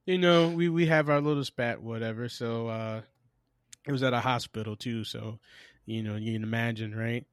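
Podcast guy ranting thru a work story, swears a lot, mid pitch, dead dry mic. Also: steady tone, normal speed, clear, resonant tone, no echo. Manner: profane storyteller who acts out both sides of arguments. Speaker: podcast co-host. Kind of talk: casual chat.

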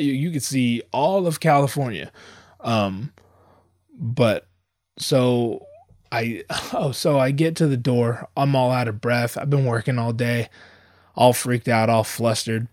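A man's voice: medium pitch, no room sound, studio quality. A young man casually telling a story, swearing freely and often restarting his sentences. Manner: profane, animated, many restarts.

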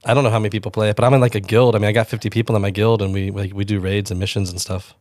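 A man's voice: lowish voice, level tone, racing, a little mellow, no room sound, clean studio sound. A man from South Florida, a pastor co-hosting a podcast, easygoing and enthusiastic in casual chat, with many fillers.

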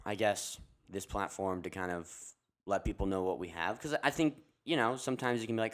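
Young male co-host, lowish voice, laid-back and agreeable. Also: a little fast. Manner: easygoing, laughs often, agreeable. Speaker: podcast co-host, wholesale manager. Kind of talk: casual chat. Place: outdoors by a parking lot.

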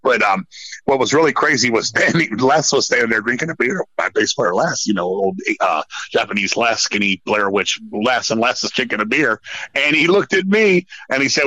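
A man from Virginia who fronts a metal band, telling road stories as a podcast guest in a rambling, profane, animated way. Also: mid-range voice, moderate pace, dry recording, low-quality recording. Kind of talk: casual storytelling chat.

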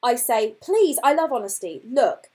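A woman's voice: on the high side, big pitch swings, moderate pace, dark tone, slightly rough. A woman, a podcast host, chatting casually and telling a dating story, reading out text messages as she goes. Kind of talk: casual chat.

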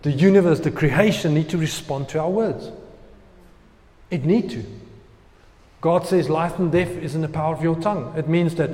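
A male pastor preaching a sermon, swinging between loud emphasis and hushed asides. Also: fairly high pitch, normal speed, pauses often. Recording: long hall reverb.

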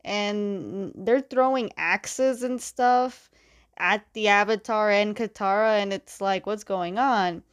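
Young woman chatting thru a comic recap, laughs a lot, mid pitch, easygoing. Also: takes it slowly, clean tone. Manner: chatty, laughs often, quotes characters in passing. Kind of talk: casual retelling.

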